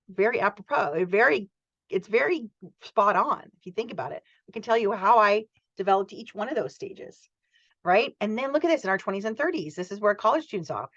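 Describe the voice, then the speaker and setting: A woman's voice: medium pitch, no room sound, highs cut off. A woman in her forties from the United States gives a chatty, enthusiastic college lecture and acts out student voices. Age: 40s. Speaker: college instructor. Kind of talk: recorded lecture.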